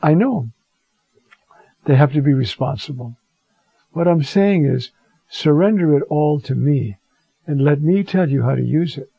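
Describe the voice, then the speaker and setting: A preacher voicing God as a calm, kind male presence who speaks softly and reassuringly, on a dull, muffled recording. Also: a little high, measured pace, creaky, long pauses, slightly rough, no echo, exaggerated voice. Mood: calm, gentle. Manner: soft and reassuring.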